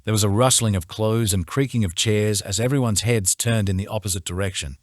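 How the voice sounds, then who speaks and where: An audiobook narrator, a man with a very low voice, reads a romance novel in the first person, telling the scripted story in a steady, measured way. The studio recording is dry and close, with no room sound at all.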